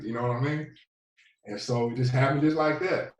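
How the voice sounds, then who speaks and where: A man in his thirties with a Southern US accent, telling his story in a relaxed, rambling way as a podcast guest. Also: mid-range voice, fairly quick. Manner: laid-back, rambling, many fillers. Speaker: podcast guest, former football player. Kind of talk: casual storytelling interview. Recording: echoey, a bit distant from the mic.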